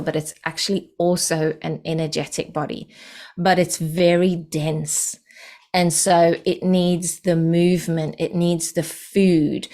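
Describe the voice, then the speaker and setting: A woman from the UK, a podcast guest calmly explaining ideas in a patient, unhurried way with frequent fillers. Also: fairly low pitch. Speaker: podcast guest, energy healing practitioner. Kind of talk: explanatory interview talk.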